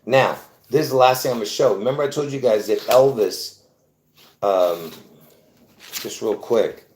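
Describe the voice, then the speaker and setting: Speaking at medium pitch and normal speed, a video host with a slightly mellow voice talks straight to the camera in an echoey room, with a little hiss or hum. His explanation rambles as he keeps repeating himself and restarting, using fillers and insisting on his argument.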